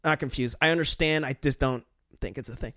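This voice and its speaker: A man's voice: mid-range voice, a little fast, bright, forceful tone, no room sound, clean studio sound. A man rambling crudely in casual podcast chat, acting out voices in his stories.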